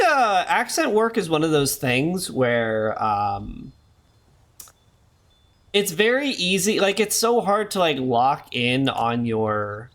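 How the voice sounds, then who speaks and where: Male game streamer, casual rambling commentary, jokey asides, highish lively voice. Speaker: gaming streamer.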